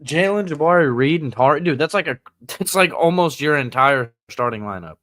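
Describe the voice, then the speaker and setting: A man's voice: a little high, animated, brisk, fairly bright tone, dry recording, clean studio sound. A man co-hosting a casual sports talk stream, joking around and speaking bluntly in loose slang. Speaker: podcast co-host. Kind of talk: casual chat.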